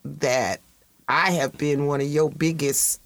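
A woman's voice: sits low, steady tone, takes it slowly, dry recording. A middle-aged woman co-hosting a casual chat, teasing and laughing often. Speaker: co-host.

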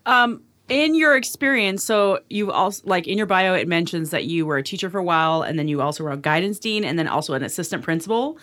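A woman hosts a casual interview and fires off quick, chatty questions. Her voice sits low for a woman, and she laughs easily between questions. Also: fairly bright tone. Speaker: podcast host and interviewer.

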